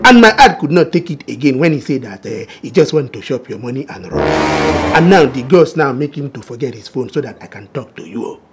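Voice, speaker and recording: A Nigerian man acting in a comedy sketch, excitable, bursting into loud high exclamations. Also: brisk. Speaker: comedic lead. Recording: music under the dialogue.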